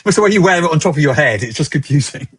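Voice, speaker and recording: Husky, chatty British-based man hosting. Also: a little high, a bit bright, no room sound. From United Kingdom. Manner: chatty, self-deprecating, laughs often. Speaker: podcast host. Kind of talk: casual panel chat.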